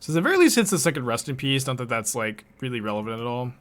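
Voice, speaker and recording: A man's voice: mid-range voice, big pitch swings, racing, fairly bright tone. A man streaming a card game, thinking his plays through aloud in casual chat and answering viewers' questions as he goes. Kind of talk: casual live-stream gameplay commentary.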